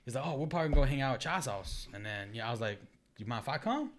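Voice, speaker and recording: A man's voice: mid-range voice, rapid-fire. A man in his thirties, a podcast guest, telling casual stories with lots of swearing and laughter and acting out what people said. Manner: animated, acts out quoted dialogue, swears and laughs often. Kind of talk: casual chat, storytelling.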